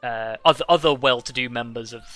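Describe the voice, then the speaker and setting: A man running a tabletop game as dungeon master, narrating scenes with frequent pauses and fillers. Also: mid-range voice, a bit bright, faint music behind. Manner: halting, filler-heavy narration.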